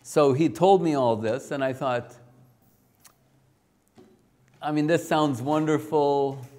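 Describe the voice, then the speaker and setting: A man giving a spiritual talk, telling a personal story in a slow, rambling, self-deprecating way. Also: on the high side, warm tone. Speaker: spiritual teacher.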